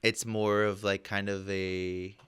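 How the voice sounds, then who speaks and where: A man with a smooth, resonant, somewhat low voice hosts a casual talk about music. He talks loosely and thinks out loud, leaning on fillers as he circles toward his point. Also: slow. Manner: relaxed, hesitant, many fillers. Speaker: podcast host. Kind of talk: casual conversational chat.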